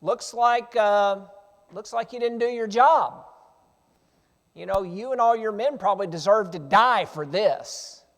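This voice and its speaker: A man's voice: high voice, lively intonation, moderate pace, few pauses, a bit bright. A man voicing the young biblical David, calling out to his enemies and then pleading with them. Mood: taunting. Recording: reverberant church sanctuary.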